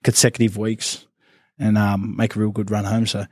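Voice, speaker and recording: A man, a professional rugby league player, telling stories in a casual interview, rambling and relaxed, saying "mate" often and acting out what others said. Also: lowish voice, normal speed, no echo, studio quality. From New Zealand family ties. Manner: relaxed, rambling, says "mate" a lot, acts out quotes.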